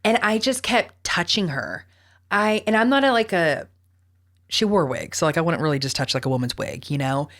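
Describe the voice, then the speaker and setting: A chatty Texan woman co-hosting a podcast, her voice sitting on the low side. She rambles through fillers and drops casual swears as she tells her stories. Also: expressive, normal speed, fairly bright tone. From Texas. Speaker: podcast host. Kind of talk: casual chat.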